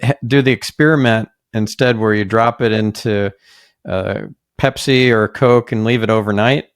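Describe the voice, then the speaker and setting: In a relaxed, casual chat, a man hosts a podcast. His voice sits fairly low, moves at normal speed, and sounds clear and resonant. The studio audio is clean, with no echo.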